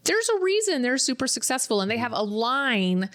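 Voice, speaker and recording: A woman co-hosting a podcast chats casually in a fairly high, somewhat bright voice with big pitch swings at a moderate pace. She tells stories and acts out what her clients said.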